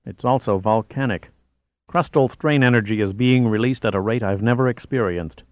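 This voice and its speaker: A man's voice: mid-range voice, moderate pace, no room sound, narrow, tinny audio, lightly acted. A man voicing a gloomy, hesitant male seismologist who sounds worried. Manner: dismal, hesitant.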